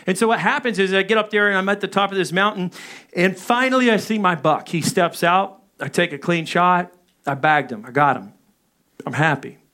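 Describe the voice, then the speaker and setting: A man in his thirties preaching a sermon, telling a personal story with animated delivery and acting out his own panicked calls. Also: high-pitched, normal speed. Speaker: pastor.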